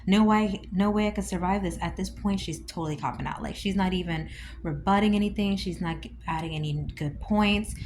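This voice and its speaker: A woman's voice: medium pitch, fairly quick, darkish tone, slight background noise. Chatty woman doing reaction commentary. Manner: chatty and amused, slangy asides. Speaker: commentator reacting to social media posts.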